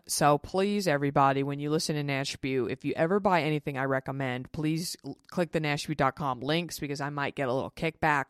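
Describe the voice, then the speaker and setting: A woman in her thirties with a notably low voice talks casually into a close mic, frank and chatty, cursing freely. The sound is dry and intimate, with no room around it. She slips into quick impressions of other people mid-story. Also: clear, resonant tone, no room sound. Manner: chatty, frank and profane, with mimicked quotes. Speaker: podcast host. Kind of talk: casual solo podcast chat.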